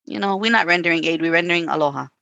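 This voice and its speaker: A woman's voice: fairly low pitch, very fast, creaky, pushed and bright, no room sound, muffled recording. A woman co-hosting a casual talk, telling stories with acted-out quotes and frequent "you know" and "like". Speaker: podcast co-host. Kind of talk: casual conversation.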